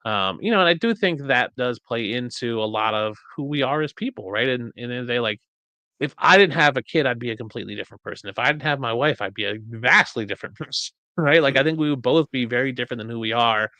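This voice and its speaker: A man in his thirties co-hosting a podcast, chatting casually and acting out quoted lines in an animated way. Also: quick pace, no echo. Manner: animated storyteller, acts out quotes in high voices. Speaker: podcast co-host. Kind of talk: casual chat.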